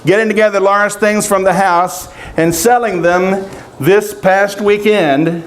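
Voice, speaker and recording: An older man preaching a sermon, telling personal stories of loss in a halting, emotional way with long pauses. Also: high voice, fairly even intonation. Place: outdoor family encampment gathering.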